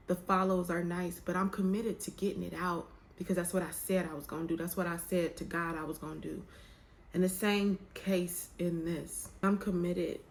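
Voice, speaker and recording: A young woman vlogging to camera, candid and emotional as she talks about faith and waiting, with a colloquial, drawling way of speaking. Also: fairly low pitch. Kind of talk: casual heartfelt chat to camera. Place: room with some echo.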